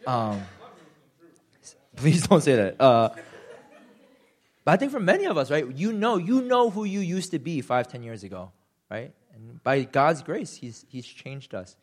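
A young man preaching a sermon, animated and self-deprecating, acting out quotes with sudden jumps in pitch. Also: a little slow, long pauses. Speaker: pastor.

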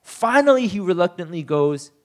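Lively, higher-voiced man preaching casually. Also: moderate pace. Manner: casual, animated storytelling with frequent fillers; acts out quoted lines in shifting voices. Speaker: pastor. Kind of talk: conversational sermon.

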